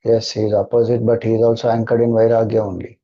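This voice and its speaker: Slow, measured Indian man teaching. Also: fairly low pitch, flat delivery, lo-fi sound. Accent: Indian English. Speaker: spiritual teacher. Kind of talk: devotional talk and Q&A.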